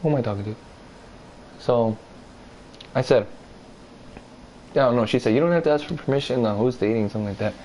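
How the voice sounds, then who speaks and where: A man's voice: slight background noise, rough recording. A man telling a personal story in a casual, rambling way, swearing freely and acting out what others said. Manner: rambling, profane, animated retelling; acts out others' lines in a higher voice.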